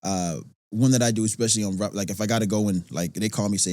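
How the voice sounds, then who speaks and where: A man from Nova Scotia, an actor guest on a podcast, talking in a rambling, animated way full of fillers. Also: on the low side, fast, no room sound, clean studio sound. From Nova Scotia, Canada. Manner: animated, rambling with many fillers, laughs easily. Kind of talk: casual podcast conversation.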